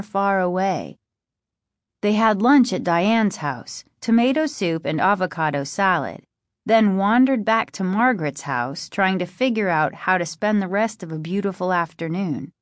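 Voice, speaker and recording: A woman narrates a chapter book in a steady, even storytelling voice. Her pitch sits in the middle range for a woman. The recording is close and dry. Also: no echo. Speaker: audiobook narrator. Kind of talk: scripted narration.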